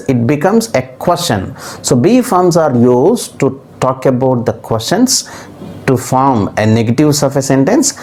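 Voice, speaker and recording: Low-voiced teacher. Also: female voice, mellow. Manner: patient, explains step by step with repeated examples. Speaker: English teacher. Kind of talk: grammar lesson.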